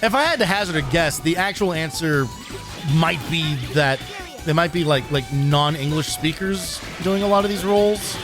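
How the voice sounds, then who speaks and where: A man giving casual, animated commentary while streaming a game, swearing freely and laughing easily. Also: on the high side, moderate pace. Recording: game music behind the voice. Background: game music.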